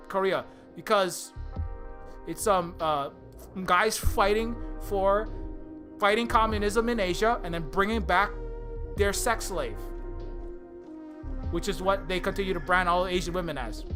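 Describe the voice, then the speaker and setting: A man's voice: high voice, unhurried, pauses often, music in the background. A man on a live stream, ranting heatedly and sarcastically, stumbling over restarts and mocking people as he goes. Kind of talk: rambling political rant on a live stream.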